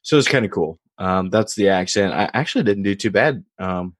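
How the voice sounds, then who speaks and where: A man's voice: low voice, normal speed, dry recording, studio quality. A man co-hosting a podcast, chatting and rambling through a story. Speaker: podcast co-host. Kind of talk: casual chat.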